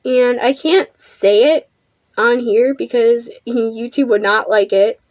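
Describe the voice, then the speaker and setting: A teenage girl with a high voice tells a storytime vlog in front of a ring-lit camera. She talks bluntly and defiantly and swears freely, doing her makeup as she goes. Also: slow pace, dry recording. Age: teens. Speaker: vlogger. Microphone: camera under a ring light.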